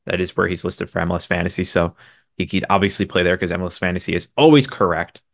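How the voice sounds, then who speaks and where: A man co-hosting a sports podcast, briskly running through signings and stats with dry, sarcastic asides. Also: sits low, flat delivery, gravelly. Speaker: podcast co-host. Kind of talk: casual sports podcast chat.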